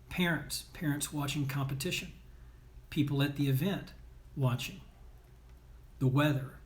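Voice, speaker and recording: A man's voice: mid-range voice, a little mellow. A man coaching athletes and parents, speaking emphatically and bluntly, often checking in with "right?" and "okay?". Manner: blunt, scolding tone. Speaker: sports performance coach. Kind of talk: motivational talk.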